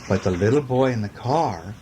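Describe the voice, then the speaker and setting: A man's voice: mid-range voice, normal speed, a little hiss or hum. A man reading a bedtime story aloud to a child, playful and sing-song, with chatty asides.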